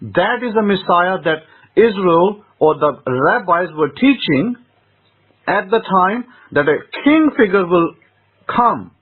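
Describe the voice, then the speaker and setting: A man's voice: sits high, animated, slow, breathy edge. A man teaching scripture as a rabbi, emphatic, often repeating phrases and asking rhetorical questions. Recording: tinny phone-line sound.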